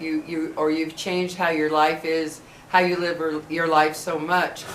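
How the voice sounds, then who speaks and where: A middle-aged woman vlogger talking earnestly to her viewers about personal matters, halting and restarting her sentences often. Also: deep voice. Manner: halting, with many restarts and soft earnest asides. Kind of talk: heartfelt personal talk to camera. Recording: echoey room with faint background hum.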